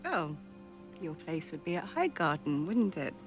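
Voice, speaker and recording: An actress playing a young noblewoman who speaks softly and coaxingly. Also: sits low, sing-song, measured pace, faint music behind, exaggerated voice. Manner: soft, gentle, coaxing. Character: young noblewoman, sweetly persuasive. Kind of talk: TV drama dialogue.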